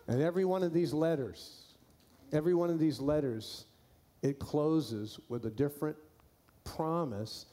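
Slow, mellow-voiced man preaching. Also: a little high. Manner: folksy, repeats key phrases for emphasis. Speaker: pastor. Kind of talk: sermon. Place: church.

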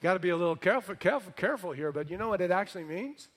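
A middle-aged male pastor delivers a sermon with a slightly high voice. He reads scripture dramatically and tells the story with animated, sarcastic humor. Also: rapid-fire.

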